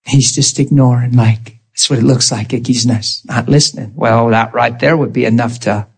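A man's voice: medium pitch, steady tone, moderate pace, creaky, a little mellow, slightly rough. A man preaching a sermon, emotional and vivid, acting out scripture scenes and laughing often.

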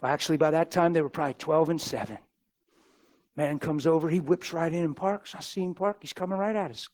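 A middle-aged man preaching in a folksy, animated way, telling stories and acting out the people in them. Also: a little high, brisk. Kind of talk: storytelling sermon.

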